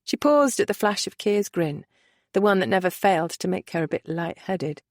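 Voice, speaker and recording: A woman narrating a romance audiobook in a measured, expressive reading. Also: on the low side, no room sound, studio quality.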